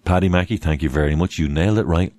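A man's voice: rumbling low, fast, warm tone. A man hosting a live stream, chatting casually, asking rhetorical questions and thanking viewers by name. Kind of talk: casual live-stream talk reading chat.

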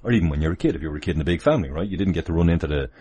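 Husky, very deep-voiced man. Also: expressive, very fast, mellow. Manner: rambling, chatty, chuckles often. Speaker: livestream host. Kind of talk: casual livestream talk. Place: home, near the kitchen.

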